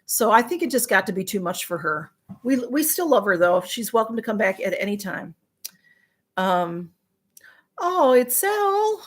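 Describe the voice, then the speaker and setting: A woman's voice: mid-range voice, lively intonation, normal speed, husky. A woman hosting a casual live stream, chatting and answering viewer comments in a sympathetic way, with frequent ums and restarts. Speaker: livestream host reading viewer comments.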